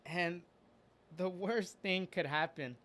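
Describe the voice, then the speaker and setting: A man's voice: sits high, fairly bright tone. A man casually telling a story about something he went through, earnest and open, often stopping to restart his sentences. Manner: halting, with frequent restarts and fillers. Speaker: storyteller recounting a personal experience.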